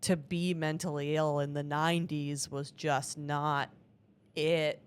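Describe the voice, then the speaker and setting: A woman comedian co-hosting a casual, joking podcast chat with quick tangents. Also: low voice, little pitch movement, clear, resonant tone.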